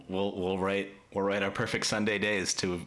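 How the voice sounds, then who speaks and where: Deep-voiced goofy man laughing. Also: little pitch movement, measured pace, a bit bright. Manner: goofy, laughs a lot, pitches silly ideas. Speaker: podcast co-host. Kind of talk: casual podcast banter.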